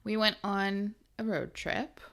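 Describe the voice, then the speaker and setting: Woman podcast host, middle pitch, upbeat and quick to laugh. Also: steady tone, vocal fry, a bit bright. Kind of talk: casual chat.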